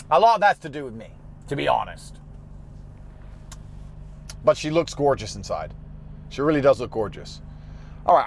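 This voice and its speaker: A man's voice: fairly high pitch, a bit bright, slight background noise. A man ranting bluntly and profanely as he hosts a car review from inside a car while driving. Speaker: host.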